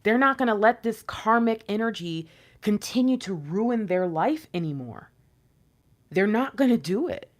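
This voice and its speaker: Woman reading tarot cards for an online audience, lively and playful, sometimes whispering. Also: medium pitch, a little slow. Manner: animated, playful, drops into whispers. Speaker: tarot reader.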